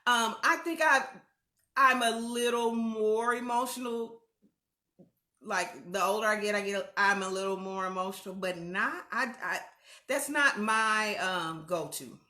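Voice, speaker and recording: A woman hosts a casual livestream, talking frankly and warmly to her viewers as "y'all". Her voice is bright and clear. The room around her is echoey. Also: mid-range voice, a little slow. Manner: candid, chatty, addresses viewers as y'all. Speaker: host.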